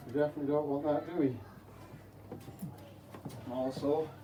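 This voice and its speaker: A man's voice: a little high, flat delivery, moderate pace, dark tone. A man working as an aquarium technician, playfully explaining to children while he cleans a school tank, asking them questions along the way. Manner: playful, chatty, asks the kids rhetorical questions. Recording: slightly distant mic with faint hum.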